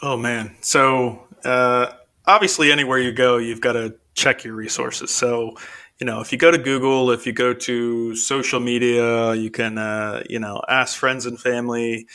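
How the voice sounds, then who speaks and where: Bright-voiced contractor man explaining. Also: mid-range voice, little pitch movement, a little slow, clean tone. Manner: informal, many fillers like "you know" and "um". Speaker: contractor guest. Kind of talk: casual interview answers.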